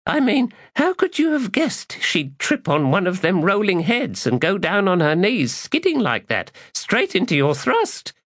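A man's voice: high-pitched, wildly swooping pitch, a little slow, few pauses, a bit bright, no room sound, clean studio sound, voice pushed up, exaggerated voice. A man voicing a crude, mocking female mercenary.

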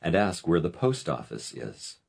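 A man narrating a language course in a scripted lesson style, giving clear, instructive prompts. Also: sits low, sing-song, measured pace.

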